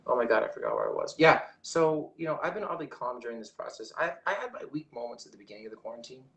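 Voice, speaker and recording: A man's voice: medium pitch, lively intonation, quick pace, creaky, fairly bright tone, roomy sound. A man hosting a casual livestream, reading viewer comments aloud in a rambling way with frequent restarts. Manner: rambling, restarts often, reads chat aloud. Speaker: livestream host.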